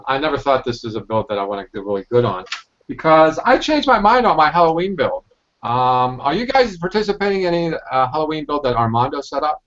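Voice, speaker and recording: A man chatting casually on a video call about his model kit, rambling and halting with lots of fillers and restarts. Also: medium pitch, a bit bright. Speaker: hobbyist scale modeler on a video hangout. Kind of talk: casual chat. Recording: dull lo-fi video call audio.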